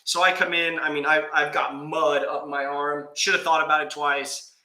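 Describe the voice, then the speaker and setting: A man telling a story in a casual vlog, animated with exasperated humor. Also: on the high side, normal speed. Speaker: aquarium YouTuber. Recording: echoey room.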